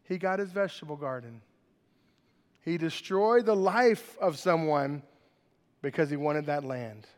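A pastor preaching a sermon and reading scripture, acting out the characters with animated voices. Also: male voice, fairly high pitch, measured pace, long pauses, big-room sound.

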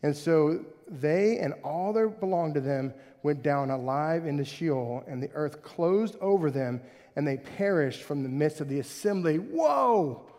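A male pastor preaching a sermon with animated, conversational delivery that swings between loud and soft. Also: a little high, unhurried. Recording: hall reverb.

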